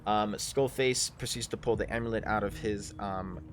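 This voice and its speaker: Low-voiced, halting game master. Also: male voice, fairly even intonation. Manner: halting, full of ums and uhs. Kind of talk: live tabletop game narration.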